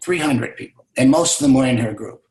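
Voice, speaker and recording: A man's voice: mid-range voice, brisk, a little mellow. A man speaking as a business mentor, telling a motivational story emphatically and repeating key words for stress. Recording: roomy echo.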